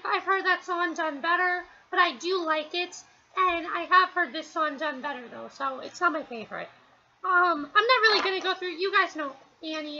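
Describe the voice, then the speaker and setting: A woman's voice: very high voice, bright, forceful tone, dull audio, slight background noise. A woman from New Jersey chatting casually in a review, rambling and hesitant with lots of fillers.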